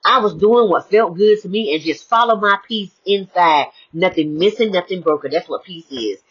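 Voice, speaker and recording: A woman giving a lively spiritual motivational talk, swinging between hushed, reflective stretches and bright exclamations. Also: fairly low pitch, moderate pace, breathy edge. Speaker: inspirational speaker. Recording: muffled lo-fi audio.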